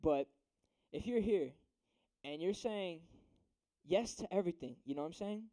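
A man's voice: sits high, lively intonation, moderate pace, dark tone. A young man giving a casual youth sermon, slangy and chatty, often checking in with "right?". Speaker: youth preacher.

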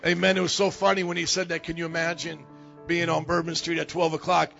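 A man's voice: fairly high pitch, fast, vocal fry, dull audio, faint music behind. A male pastor preaching with energy, calling the congregation to respond. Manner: energetic, call-and-response, rousing. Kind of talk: sermon.

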